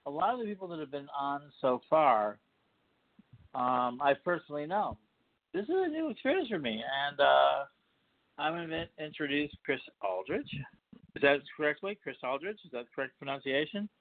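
A man's voice: on the high side, sing-song, moderate pace, dry recording. A man from Chicago hosting a casual interview podcast, rambling with frequent restarts and fillers. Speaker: podcast host. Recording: dry, tinny phone-line sound.

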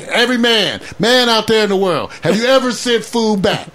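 A man in his fifties hosting a casual talk show, telling loud stories with frequent laughs and slow, emphatic punchlines. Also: high-pitched, crowd noise. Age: 50s. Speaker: host.

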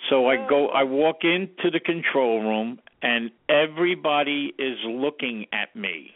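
An older man, a guest sound engineer, telling an animated anecdote and acting out the lines he quotes. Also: mid-range voice, unhurried, dry recording. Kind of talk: storytelling anecdote. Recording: tinny phone line, dry.

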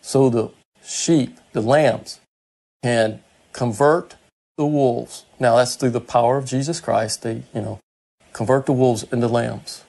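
A man preaching a sermon, reading scripture verse by verse and explaining it in his own words, slowing down for quoted lines and speeding up when he acts out a character. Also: fairly even intonation, gravelly, darkish tone. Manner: slows right down for quoted words, speeds up and climbs in pitch when acting out Peter.

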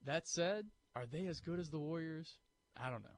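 A man's voice: fairly high pitch, moderate pace. A man co-hosting a sports talk radio show, arguing his case and acting out listener objections. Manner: animated, argumentative, acts out imagined listener objections.

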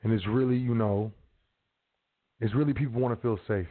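A man's voice: mid-range voice, steady tone, fairly quick. A man hosting a show, talking in a rambling, slangy, casual advice monologue. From South Side of Chicago. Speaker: host. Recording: phone-like narrow sound.

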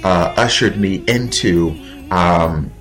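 A man with a very low, deep voice speaks in an earnest, heartfelt way, pausing often and reaching for words. Soft music plays faintly beneath him as he reflects aloud to his listeners. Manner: earnest, heartfelt, with pauses and fillers. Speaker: podcast host. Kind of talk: reflective spoken monologue.

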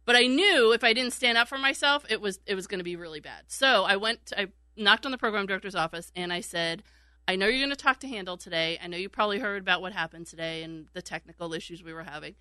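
A woman's voice: medium pitch, fast, pushed and bright, smooth, no echo. A woman telling a casual story in a chat, laughing often and acting out what people said. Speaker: radio show regular, former call screener.

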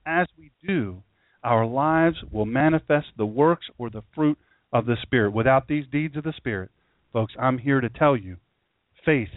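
A man's voice: fairly high pitch, no echo. A man from Southern Delaware preaching a sermon in a folksy way, often repeating phrases and calling his listeners folks. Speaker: pastor. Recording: tinny phone-like audio.

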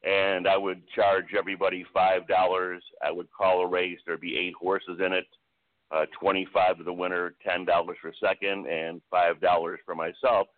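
A man's voice: deep voice, level tone, moderate pace. An older man, a veteran racetrack announcer, telling chatty anecdotes as a guest on a radio interview. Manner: chatty anecdotal storyteller, many "I said, he goes" retellings. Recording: phone-line call-in audio.

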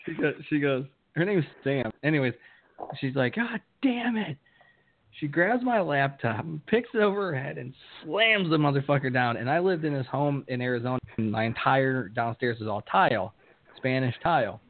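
A man co-hosts a podcast in casual chat, telling stories in a lively, swinging voice. He swears a lot and acts out quotes loudly. The audio is thin and phone-like. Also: mid-range voice, normal speed. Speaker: podcast co-host. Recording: tinny phone-like sound.

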